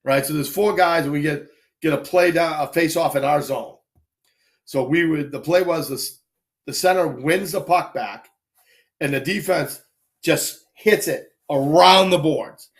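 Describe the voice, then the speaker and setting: A man casually telling animated anecdotes on a live stream, acting out quick voices as he goes. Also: fairly high pitch. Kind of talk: casual storytelling.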